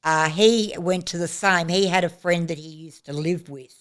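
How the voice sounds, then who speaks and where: A woman's voice: on the low side, moderate pace. Chatty older woman telling a story. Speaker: aged care resident. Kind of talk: casual storytelling chat.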